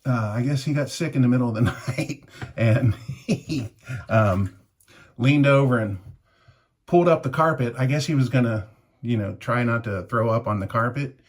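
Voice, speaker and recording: With a mid-range voice and moderate pace, a man in his fifties shaves on camera and casually tells a rambling anecdote. He chuckles along while reviewing the shaving gear.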